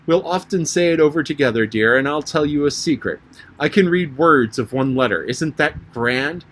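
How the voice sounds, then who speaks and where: A man's voice: on the high side, lively intonation, normal speed, fairly bright tone, pitched above the performer's own voice. White Queen, a man doing a fussy, dithering queen. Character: fussy, anxious, scatterbrained old queen. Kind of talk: audiobook reading.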